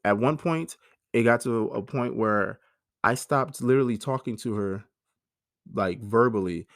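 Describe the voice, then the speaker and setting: In a clean, echo-free studio recording, a man in his thirties hosts a personal monologue at an unhurried pace and medium pitch. He talks emotionally and frankly, swearing freely.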